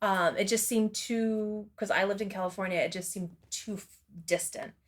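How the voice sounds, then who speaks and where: A woman's voice: medium pitch, fairly even intonation, normal speed. A woman speaking as a guest in a casual interview, rambling and candid, swearing freely and laughing often between her thoughts.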